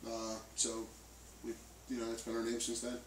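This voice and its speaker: A man's voice: medium pitch, monotone, moderate pace. A man in a band, chatting casually in an interview with many fillers and restarts. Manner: loose, rambling with many fillers. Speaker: band member. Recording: roomy, distant mic, faint noise.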